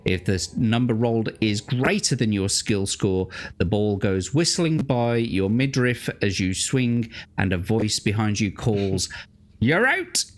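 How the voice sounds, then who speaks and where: A man's voice: lowish voice, measured pace, few pauses. A man hosting a gamebook play-through, reading the adventure aloud and chatting casually with a guest, with plenty of swearing and laughter. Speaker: host and gamebook narrator.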